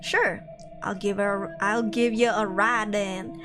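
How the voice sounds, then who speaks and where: Lady doing a gruff old guy with a slow southern drawl, music going behind. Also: medium pitch, steady tone, pitched below the performer's own voice, close to an everyday voice.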